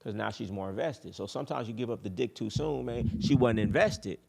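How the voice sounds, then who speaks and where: A low-voiced man with a gravelly edge delivers a casual dating advice monologue. He talks bluntly and boastfully, swears freely, and hammers his points home by repeating them. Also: fairly quick, darkish tone.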